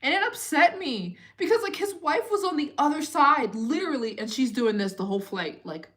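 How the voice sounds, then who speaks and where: A woman in her late twenties, chatting casually and telling stories in an expressive way as the host of a live Q&A stream. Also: sits high, normal speed. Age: 20s. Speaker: travel vlogger hosting a live Q&A.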